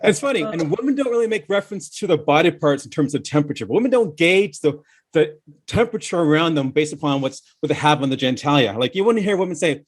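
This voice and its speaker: A man's voice: a little high, lively intonation, quick pace. A middle-aged man from Chicago doing a stand-up comedy set in a comedy club, talking loosely with stumbling restarts and laughing at his own jokes. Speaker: stand-up comic.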